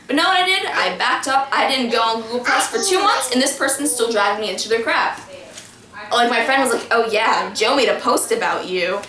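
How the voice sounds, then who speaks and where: Young woman, casual rambling storyteller, bright tone, distant roomy sound. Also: a little high, animated, fairly quick. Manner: rambling, many restarts and fillers. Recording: echoey room, from far off.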